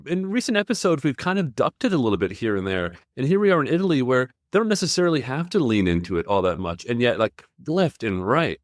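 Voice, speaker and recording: A man's voice: medium pitch, fast, few pauses, dry recording, clean studio sound. A man co-hosting a podcast, recapping a cartoon episode in casual chat with wry, laughing asides. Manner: wry, animated, laughs often. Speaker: podcast co-host.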